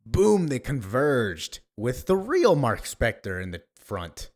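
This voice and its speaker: A man's voice: medium pitch, huge pitch swings, slow pace, darkish tone. A man casually narrating a comic book, adding chatty asides between the characters' lines. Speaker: comic reader, voice-over creator.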